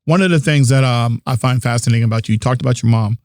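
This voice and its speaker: A man's voice: medium pitch, quick pace, a little mellow, no echo, studio quality. A man hosting a podcast, interviewing a guest with encouraging, frequent backchannels. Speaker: podcast host.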